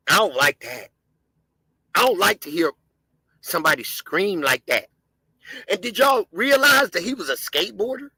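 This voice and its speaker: A man hosting a show, giving heated, profane commentary on video footage and often breaking into shouts as he talks to his viewers. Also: sits high, breathy edge, no echo, poor audio. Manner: impassioned, shouting, profane, addresses viewers as gang.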